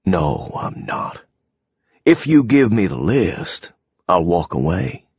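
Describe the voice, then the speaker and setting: A man voicing an older male villain who is cold and bossy, speaking in a gruff, demanding way. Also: lowish voice, lively intonation, moderate pace, no room sound, dull audio. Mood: coaxing.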